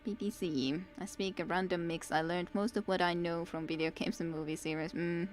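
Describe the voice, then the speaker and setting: A woman with a Finnish accent, streaming a game, reading its dialogue aloud in her own plain, measured voice and chatting with viewers. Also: fairly low pitch, steady tone.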